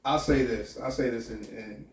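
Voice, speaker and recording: A man's voice: mid-range voice, moderate pace, far from the mic. A man talks candidly as a sheriff's deputy, thinking aloud and restarting his sentences. His voice sits in a mid register and carries a roomy echo. He is a little away from the mic, with a faint hiss underneath. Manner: reflective, candid, with frequent restarts. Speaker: sheriff's deputy and police academy instructor. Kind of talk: earnest podcast interview.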